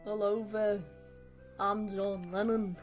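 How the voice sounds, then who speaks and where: A woman doing a playful impression of a 1960s Liverpool rock star in a rough put-on Liverpool accent, jokey and theatrical. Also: medium pitch, little pitch movement, slow pace, soft background music, natural voice. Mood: mock-dramatic. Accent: put-on Liverpool accent, admittedly rough. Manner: jokey, theatrical, sing-song.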